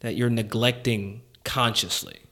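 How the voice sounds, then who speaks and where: A man's voice: mid-range voice, fairly even intonation, measured pace, bright, forceful tone. Chuckling man telling a candid story. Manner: candid storytelling, heavy on "like" fillers, chuckling often. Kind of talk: casual chat.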